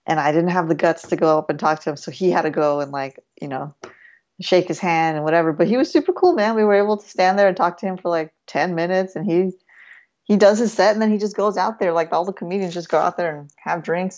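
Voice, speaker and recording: A woman co-hosting a casual sports podcast, chatty and easygoing, quick to laugh. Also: fairly low pitch, darkish tone. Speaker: podcast co-host. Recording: slightly muffled lo-fi sound.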